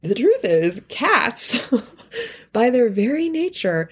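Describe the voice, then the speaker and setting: A woman giving a pre-recorded inspirational talk in a lively, playful way, her pitch swooping up for emphasis. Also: gravelly, husky. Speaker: featured speaker.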